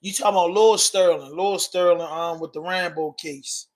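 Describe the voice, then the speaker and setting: A man's voice: sits high, fairly even intonation, moderate pace. A man with a Baltimore accent hosting a casual livestream podcast, talking loosely in slang while answering viewer comments. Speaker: podcast host.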